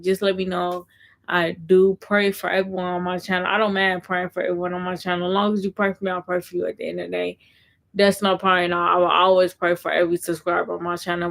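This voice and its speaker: A woman's voice: lowish voice, creaky. A woman vlogger in casual live-stream chat, rambling and repeating herself with lots of fillers. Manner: rambling and repetitive, heavy fillers.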